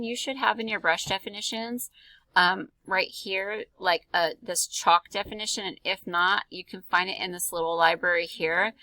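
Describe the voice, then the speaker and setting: A woman's voice: on the low side, bright, forceful tone, no echo, poor audio. A woman art teacher talking through a drawing tutorial in a casual, chatty way, with many ums and likes. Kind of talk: screen-recorded drawing tutorial.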